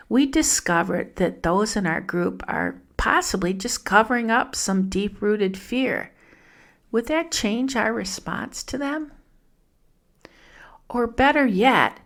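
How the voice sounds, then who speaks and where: A woman hosting a devotional podcast, sharing gentle, reflective musings and addressing listeners as friends. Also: medium pitch. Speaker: podcast host.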